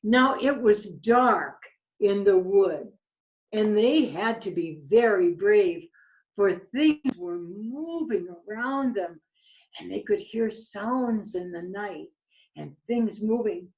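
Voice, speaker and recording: A woman reading a picture book aloud to children, gentle and expressive. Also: mid-range voice, slow pace. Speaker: children's storyteller. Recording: slightly muffled lo-fi recording.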